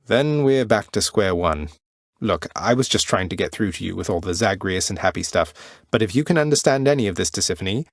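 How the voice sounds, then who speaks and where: An actor playing a wry, good-natured young prince of the underworld, with a dry, polite manner in game voice lines. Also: male voice, lowish voice, no echo. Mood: coaxing. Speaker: video game protagonist. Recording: dry studio recording.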